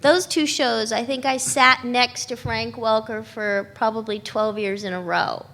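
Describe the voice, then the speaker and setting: Woman, voice actress, panel talk, slightly high voice, laughs often, searches for words. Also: fairly even intonation, measured pace, fairly bright tone. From Los Angeles. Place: convention panel room.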